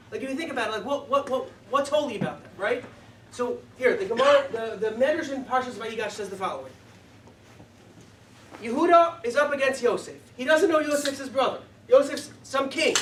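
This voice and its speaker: Animated, high-voiced rabbi in an echoey hall. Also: male voice, slight background noise. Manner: animated, emphatic, says "like" often. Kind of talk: Torah lecture. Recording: echoey room, distant mic.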